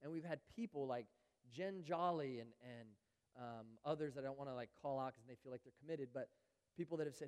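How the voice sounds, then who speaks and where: A man preaching a sermon as pastor, earnest, rising louder on key phrases and dropping very soft on others, sometimes acting out the voices of churchgoers. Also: mid-range voice, a little fast, clear, resonant tone, long reverb tail. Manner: earnest, swells louder on key phrases and drops to near-whispers; acts out everyday voices of churchgoers. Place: church sanctuary.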